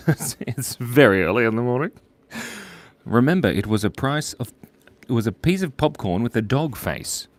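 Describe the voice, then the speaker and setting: Giggly man hosting a silly livestream. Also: on the low side. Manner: giggly and playful, reads chat and tells silly jokes. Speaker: livestream host drawing for viewers. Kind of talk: casual live-stream chat.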